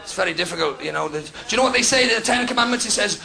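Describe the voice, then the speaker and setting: Welsh stand-up comic, very high and raspy, working a live crowd. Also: male voice, animated, very fast. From Wales. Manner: conversational, teasing the audience, sudden loud outbursts. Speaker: stand-up comedian. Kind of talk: stand-up comedy set. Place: comedy club stage before a live audience. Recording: noisy live club recording.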